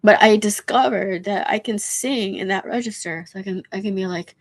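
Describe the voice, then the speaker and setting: A hoarse woman who is losing her voice, chatting in a scattered, rambling way on a live stream and swearing freely. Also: mid-range voice, moderate pace.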